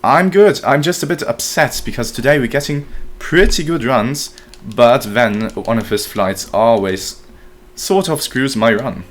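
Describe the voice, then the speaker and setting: A young man commentating his own gameplay live, excitable and profane, talking to his chat as he plays. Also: medium pitch, a little slow, few pauses. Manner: excitable, profane, talks to chat while playing. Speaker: streamer.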